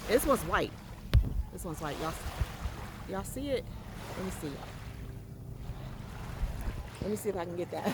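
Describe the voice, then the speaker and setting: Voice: mid-range voice, animated, fairly quick, long pauses, heavy background noise. Rambling, emphatic faith vlogger by the water. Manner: rambling, emphatic, with frequent fillers and restarts. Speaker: vlogger sharing faith experiences. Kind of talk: casual faith talk vlog. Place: outdoors by the water. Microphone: handheld phone.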